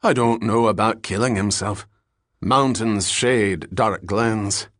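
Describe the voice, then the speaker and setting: A man's voice: fairly low pitch, slow pace, a bit bright, no echo, studio quality. A man voicing a big, jovial, drunk Scottish ex-boxer in his forties, with a Scottish accent and a hearty, rolling way of talking. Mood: genial. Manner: hearty, evasive, rolling speech.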